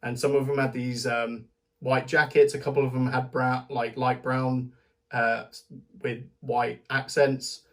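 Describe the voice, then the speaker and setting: A British man talks his way through a casual recap, rambling and chatty. He laughs between thoughts and trips over the start of his sentences. His voice sits at an ordinary middle pitch for a man. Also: little pitch movement, measured pace. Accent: British English. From Britain. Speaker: vlogger. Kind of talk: casual spoken festival recap.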